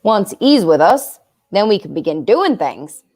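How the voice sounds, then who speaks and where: A woman's voice: medium pitch, big pitch swings, a little slow, darkish tone. A woman doing a folksy talking beaver. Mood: earnest. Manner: earnest, folksy drawl slipping in. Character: kindly gruff male talking beaver.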